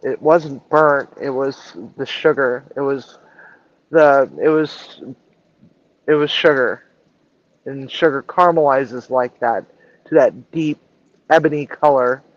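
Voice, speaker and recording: A woman's voice: rumbling low, fairly even intonation, takes it slowly, long pauses, muffled recording. A woman chef telling a story in a casual live stream, acting out the dialogue and swearing freely. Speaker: chef and culinary director.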